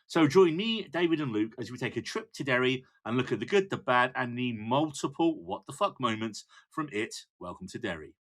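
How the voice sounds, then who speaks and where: A man's voice: medium pitch, a little fast, hardly any pauses. A man hosting a podcast in casual chat, joking with his co-hosts. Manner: animated, jokey. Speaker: podcast host.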